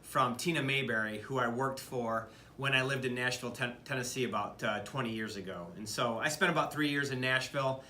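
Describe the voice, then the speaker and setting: Middle-aged guy from michigan, bright clear voice, chatty and earnest, roomy echo with a faint rumble. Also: fairly quick, few pauses. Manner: conversational, earnest, with frequent fillers and restarts. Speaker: business leader. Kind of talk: speaking to camera about leadership.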